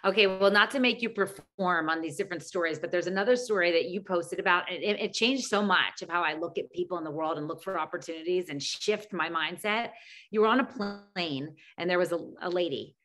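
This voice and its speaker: A woman's voice: fairly low pitch, fairly quick, fairly bright tone. A woman hosting a team video call, asking her guest questions and reflecting earnestly on his answers. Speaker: host.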